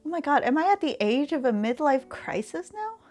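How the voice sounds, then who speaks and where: A woman's voice: high-pitched, sing-song, a little fast, darkish tone, faint music behind. Laughing woman in her thirties chatting candidly. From Canada. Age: 30s. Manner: candid and confessional, laughing often between phrases. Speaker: streamer and vlogger. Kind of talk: casual chatty vlog.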